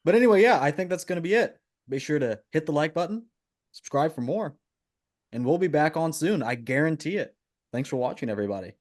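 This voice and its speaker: A man co-hosting a casual bodybuilding podcast, animated and quick to laugh, often repeating his phrases. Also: on the high side. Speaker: podcast co-host.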